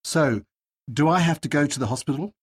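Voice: medium pitch, fairly quick, slightly rough, lightly acted. An actor playing a young adult male patient in a language-course dialogue. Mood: plain.

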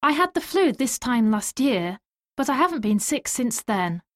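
An actress playing a friendly young woman patient in a language-course dialogue, talking in an expressive way. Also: on the high side, normal speed. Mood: chatty.

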